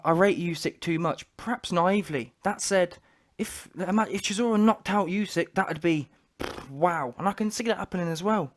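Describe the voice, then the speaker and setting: A man giving casual, opinionated boxing reaction commentary, full of slang, restarts and trash talk. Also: high voice.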